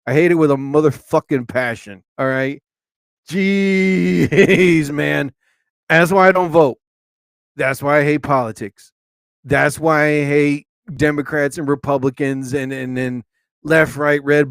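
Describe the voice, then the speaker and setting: A man's voice: on the high side, fairly even intonation, a little slow, clean tone, no room sound. A man hosting his own live show and podcast in a rambling, chatty monologue, laughing often and restarting his sentences.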